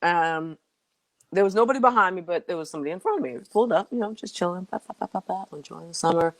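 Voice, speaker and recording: Her voice is fairly low and she talks fast, with no room sound in the recording. A guest singer, she tells a funny story in a lively, animated way, breaking into laughter and performing the characters' voices.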